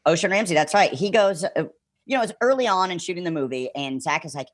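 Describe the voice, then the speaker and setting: A man telling a story as a podcast guest in a casual, animated way, filling his speech with "like" and acting out what people said. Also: high voice, quick pace, no echo. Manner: animated, full of "like" and acted-out quotes.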